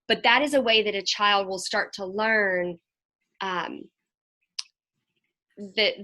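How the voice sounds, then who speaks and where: A woman counselor talking to a group over a video call, telling lively stories and acting out what children said. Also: medium pitch, slow pace. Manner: animated storyteller, acts out children's voices.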